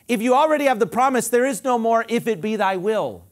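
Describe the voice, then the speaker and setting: A male pastor delivers an animated sermon in a fairly high voice. His pitch leaps and falls widely, rising to loud emphatic proclamations before dropping to quiet, low asides. He leads the congregation in call-and-response. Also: normal speed.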